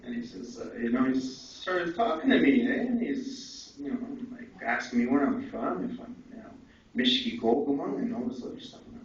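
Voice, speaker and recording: A young man telling his life story at a conference, candid and animated, with asides to the audience. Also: medium pitch, moderate pace. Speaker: conference speaker. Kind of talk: personal story told to an audience. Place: conference hall. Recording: echoey hall from far off, dull and faintly noisy.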